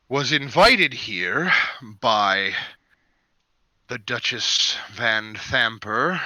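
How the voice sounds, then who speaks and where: A man's voice: medium pitch, bright, forceful tone, no echo, pitched below the performer's own voice, exaggerated voice. A man voicing a pompous, weary city overseer with stiff, formal speech.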